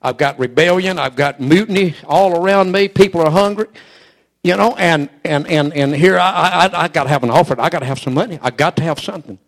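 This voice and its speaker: A man's voice: fairly high pitch, fairly quick, creaky. A man preaching a storytelling sermon, folksy and emphatic, repeating his phrases and adding "amen.".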